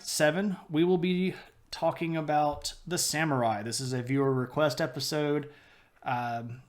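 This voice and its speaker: A man chatting casually with his live-stream viewers, rambling and halting as he goes over the schedule. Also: medium pitch. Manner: rambling, halting, talks baby talk to his dog. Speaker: history streamer.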